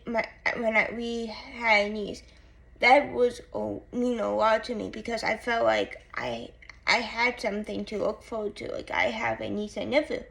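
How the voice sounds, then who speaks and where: A woman vlogger talking to camera in casual chat, tearful and halting, often repeating herself. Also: fairly high pitch, gravelly, a bit bright.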